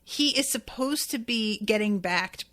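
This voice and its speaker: Woman podcast host, casual recap chat, loose fillers, mid-pitched voice. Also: expressive, measured pace, fairly bright tone. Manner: chatty, swears casually, many fillers. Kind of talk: casual anime recap commentary.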